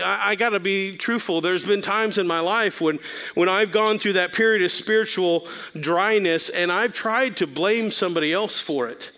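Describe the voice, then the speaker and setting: A man's voice: sits high, sharp tone, clear, resonant tone. A middle-aged male pastor giving a sermon-style talk, telling candid, self-deprecating stories with the odd filler.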